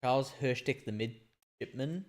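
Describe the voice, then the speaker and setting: A man giving live gameplay commentary at a middle pitch, musing and chatty. He thinks aloud, often restarting his sentences as he works things out. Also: unhurried, darkish tone. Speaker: streamer.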